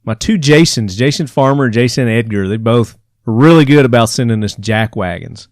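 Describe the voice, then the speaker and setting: A man hosts a podcast and works through news items with a mocking, exasperated edge, often laughing at what he reads. His voice is smooth and resonant at an average pitch. The sound is close and dry, with no room around it. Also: lively intonation, fairly quick, darkish tone, dry recording. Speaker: podcast host. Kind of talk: casual commentary reading news.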